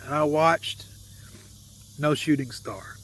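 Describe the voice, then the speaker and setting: A man's voice: a little high, slow, a bit bright. A man telling a personal faith story in an earnest, heartfelt and emotional way. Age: adult with a young son. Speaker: vlogger sharing a faith testimony.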